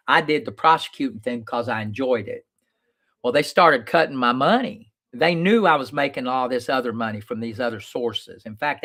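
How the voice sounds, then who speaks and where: Male lawyer-host, mid-pitched voice, blunt and plain-spoken, casual storytelling monologue. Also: pushed and bright. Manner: storytelling, reenacts his own past lines.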